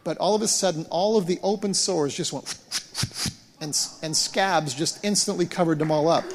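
A man preaching as a pastor, retelling events in an animated way and often repeating words as he restarts. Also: a little high, normal speed. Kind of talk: sermon storytelling. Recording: long hall reverb.

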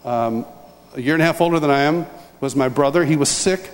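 An older man from upstate New York, preaching a sermon as a lively personal story with chuckles and restarts. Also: on the high side, fairly quick. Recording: long hall reverb.

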